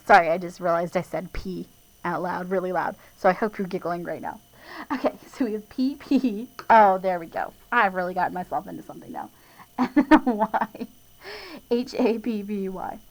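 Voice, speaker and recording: A woman's voice: fairly low pitch, moderate pace, rough recording. A patient woman teacher walks young kids through their spelling words. She spells each word out letter by letter and stretches out the sounds. Now and then she laughs at her own slips. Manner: self-deprecating, chuckles at own slips.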